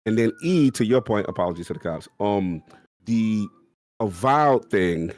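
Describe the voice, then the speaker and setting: A man's voice: fairly low pitch, expressive, unhurried, a little mellow. A man co-hosting a podcast, laid-back and slangy, talking casually about games. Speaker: podcast co-host.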